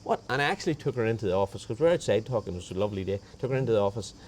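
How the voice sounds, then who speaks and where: A man's voice: on the low side, animated, very fast, darkish tone, a little hiss or hum. A man telling a personal story in a rambling, conversational way, often restarting his sentences. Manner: rambling, with frequent restarts and reported dialogue. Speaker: guest sharing a faith testimony.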